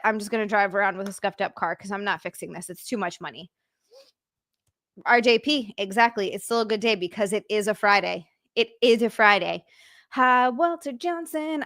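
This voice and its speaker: A bubbly young woman chats live with her stream viewers, her voice high and bright. She greets people by name and squeals when excited. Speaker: streamer and podcast host. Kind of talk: casual live-stream chat.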